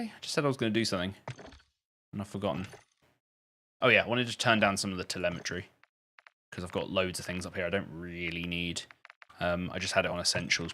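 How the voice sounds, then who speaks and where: A man's voice: on the low side, bright, forceful tone, a little hiss or hum. A man live-streaming a shooter game, chatting loosely to his viewers with lots of restarts. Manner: rambling and chatty, many restarts. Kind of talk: live-stream gaming commentary.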